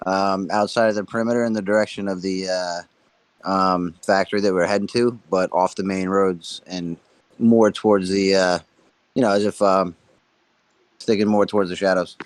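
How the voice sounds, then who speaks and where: A man's voice: deep voice, steady tone, normal speed, clear, resonant tone, dry recording. A man playing a tabletop game, describing his move while thinking aloud with hesitations. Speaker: player.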